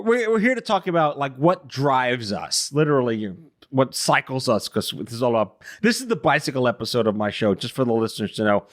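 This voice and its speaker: A man hosting an interview podcast, chatty and self-deprecating. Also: mid-range voice. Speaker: podcast host. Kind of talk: casual interview intro.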